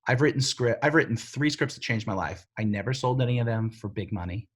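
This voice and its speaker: Animated middle-aged man, husky voice. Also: medium pitch, fairly quick. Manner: animated, filler-heavy storyteller who acts out quoted voices. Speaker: TV writer and showrunner, interview guest. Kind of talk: casual storytelling interview.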